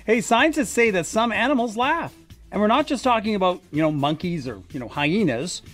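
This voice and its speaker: A man's voice: high-pitched, animated, a little fast, soft background music. A man co-hosting a morning radio show, chatting in a playful, enthusiastic way in a studio. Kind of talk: casual radio banter.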